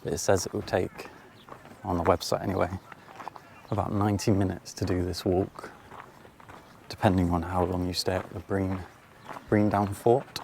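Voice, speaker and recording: A man with a low, gravelly voice chats to the viewer as he walks outdoors, poking fun at himself along the way. He's filming on a handheld camera, with faint outdoor noise behind him. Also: flat delivery, normal speed, darkish tone. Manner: chatty, self-mocking, addresses viewer directly. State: out of breath while climbing. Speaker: vlogger. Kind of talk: casual vlog walk-and-talk. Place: outdoors, farm fields and coastal path.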